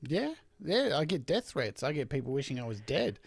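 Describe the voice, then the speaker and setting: A woman's voice: extremely low pitch, big pitch swings, normal speed, vocal fry, husky, dry recording, studio quality. A woman speaking frankly and earnestly as a guest in a casual chat over a video call.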